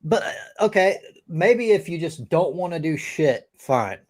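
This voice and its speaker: A man hosts a live-stream debate, arguing emphatically and swearing often, with frequent restarts. His voice is on the high side, expressive, and a little slow.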